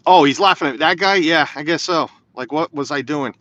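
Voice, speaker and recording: A man chats casually with viewers while driving in the snow, wandering from topic to topic and reading comments out loud. His voice is a little high and fairly bright, he talks fairly quickly, and there's no echo. The slightly dull lo-fi phone audio was captured in the car.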